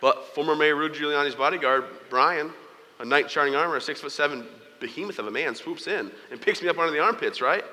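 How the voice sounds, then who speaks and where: A man's voice: a little high, fast, bright, forceful tone, a little hiss or hum. Joking man telling stories in a hall. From United States. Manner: joking storyteller, playful asides to the audience. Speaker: keynote speaker. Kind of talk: humorous motivational speech.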